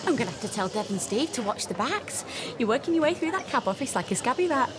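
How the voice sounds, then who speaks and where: A woman's voice: fairly high pitch, very animated, quick pace, background noise. An actress playing a teasing, gossipy young woman with a sing-song mocking delivery.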